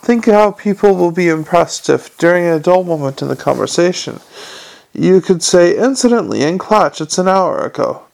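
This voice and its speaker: Guy doing a jittery little imp gadget, eager to please, keeps saying sorry, a bit high, gravelly edge. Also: animated, moderate pace, darkish tone. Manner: fumbling and apologetic. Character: eager, anxious little male imp organizer.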